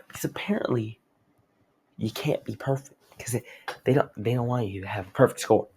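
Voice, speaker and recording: A man's voice: mid-range voice, brisk, darkish tone, slight background noise. A young man recapping a story in a rambling, slangy, casual manner. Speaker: host.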